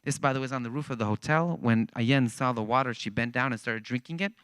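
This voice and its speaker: A man giving a church talk as animated, conversational storytelling. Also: medium pitch, fast, smooth, no room sound. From Israel. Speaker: guest speaker. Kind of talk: storytelling testimony.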